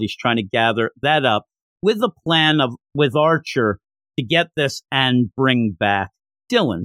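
A young adult man casually recapping a comic, chatty and excitable, laughing often. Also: fairly high pitch, no echo, studio quality. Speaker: comic book reviewer.

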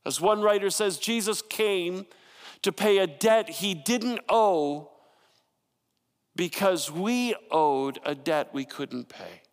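A pastor in his thirties, whose voice is high for a man, preaches slowly and animatedly, telling stories conversationally with playful asides. A long hall reverb surrounds the sound.

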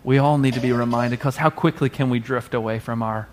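A man delivers a sermon to his congregation in an expressive, conversational preaching style. His voice sits at an average pitch for a man. He now and then acts out the people he quotes. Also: a little fast. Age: adult parent. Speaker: pastor.

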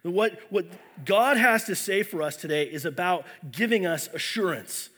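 A man preaching a sermon in a church with a bright, forceful voice pitched a bit high. He tells his story earnestly, often restarting his phrases. He sounds a little unwell. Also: expressive, normal speed. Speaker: pastor.

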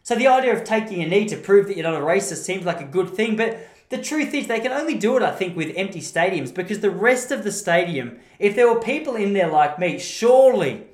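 A man's voice: high voice, expressive, brisk. Blunt, rambling Australian man in a roomy echo. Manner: rambling, blunt, self-correcting. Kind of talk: opinionated monologue.

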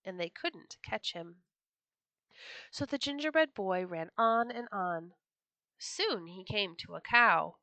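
A woman reading folk tales aloud for a storytelling podcast, expressive and lively. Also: mid-range voice, takes it slowly, no room sound, highs cut off.

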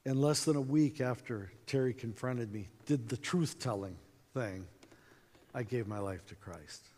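A man giving a storytelling talk to a conference audience, acting out dialogue in an animated way, with reverb from a hall. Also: mid-range voice, measured pace. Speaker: conference speaker.

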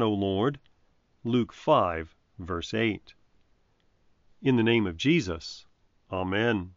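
A man reading a recorded devotional reflection in a measured, reverent way, lifting his voice for quoted lines. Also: mid-range voice, dry recording. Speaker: preacher. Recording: dry, dull lo-fi recording.

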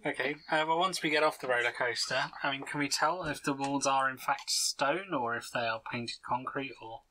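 Guy with a really bright sharp voice asking stuff in a game. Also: mid-range voice, moderate pace, low-quality recording. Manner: practical, asking questions. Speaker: player. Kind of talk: casual tabletop game chat. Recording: faint background noise.

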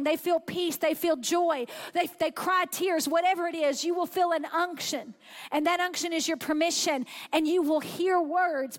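A woman preaching a sermon with a bright, high voice. She talks in a loose, conversational way and acts out the doubting inner voices of her listeners.

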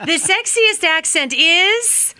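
A woman's voice: extremely high pitch, lively intonation, slow pace, sharp tone. A woman co-hosting a morning radio show with teasing banter. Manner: bubbly, teasing.

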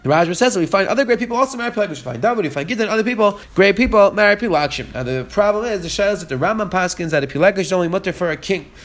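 A man's voice: high-pitched, expressive, very fast, hardly any pauses, a bit bright. A man giving a Torah lesson, reading Hebrew verses aloud and then explaining them in English, often repeating his points. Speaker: Torah teacher.

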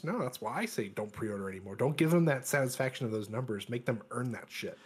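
A man with a slightly husky, middle-pitched voice, chatting on a casual podcast. He comes across as sarcastic and pushes his opinions hard. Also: quick pace, few pauses. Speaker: podcast co-host.

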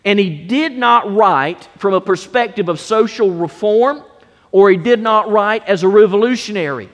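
A pastor delivers a sermon in a high, carrying voice. He stretches important words out slowly for emphasis. His voice rings through a large space with a long reverb tail. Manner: preaching with dramatic slow emphasis.

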